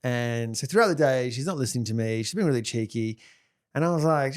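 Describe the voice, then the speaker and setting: A man's voice: mid-range voice, expressive, brisk, smooth. A man, co-hosting a podcast, teasing his friend and acting out scenes in his stories. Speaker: podcast co-host. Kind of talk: casual banter.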